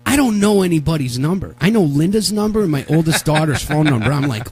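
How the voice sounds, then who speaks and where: On a live talk show, a radio co-host spins a long story, animatedly acting out the voices of the people in it. His slightly high, husky voice races along with hardly any pauses, and faint music plays behind him.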